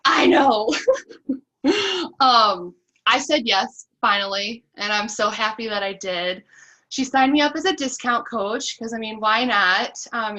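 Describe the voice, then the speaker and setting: A woman's voice: a little high, bright, forceful tone, low-quality recording. A woman in her twenties with a Midwestern American accent, talking casually as guest speaker on a team call, chatty and laughing often. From Midwest US (Iowa). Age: 20s. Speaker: guest speaker, new coach.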